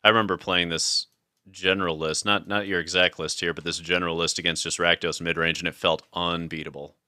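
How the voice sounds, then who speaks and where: Low bright-voiced man in casual chat. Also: little pitch movement, fairly quick, no room sound, studio quality. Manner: laid-back, chatty, laughs often, thinks aloud. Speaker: streamer playing a card game.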